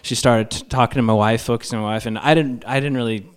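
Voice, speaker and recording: With a clean, mid-range voice and a quick pace, a man tells a funny story to a live crowd. He's animated and self-deprecating, acting out each voice himself.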